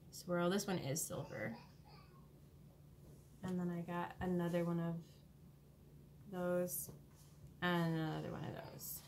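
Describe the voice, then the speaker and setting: A woman vlogger showing off her cross-stitch haul at home in a rambling, hurried way, with many pauses and ums. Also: fairly low pitch, background noise. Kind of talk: casual show-and-tell haul. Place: home, indoors.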